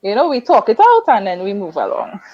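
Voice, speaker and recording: A woman's voice: medium pitch, huge pitch swings, a little fast, mellow. A woman who is a mother, speaking as a guest in a casual discussion, open and reflective about herself. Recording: dry, dull lo-fi sound.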